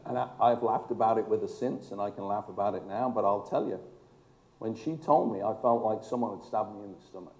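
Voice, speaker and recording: A man's voice: fairly low pitch, brisk, darkish tone, a little hiss or hum. A man, a former fire chief, telling emphatic stories with dry humor in a speech to an audience. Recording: echoey hall.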